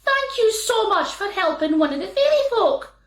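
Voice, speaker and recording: A woman voicing a tiny old fairy man with a long grey beard, squeaky and excitable. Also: normal speed, echoey room. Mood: grateful. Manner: squeaky, frantic then grateful.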